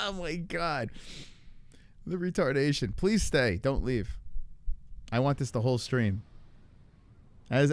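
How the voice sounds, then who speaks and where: A man's voice: mid-range voice, no echo. A man hosting a live stream, chatting casually and reacting to viewer comments with swearing, laughter and rambling restarts. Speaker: livestream host.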